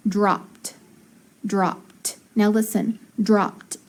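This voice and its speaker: A woman teaching a phonics lesson to children, slowly sounding out syllables and praising often. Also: mid-range voice, little pitch movement, a little mellow.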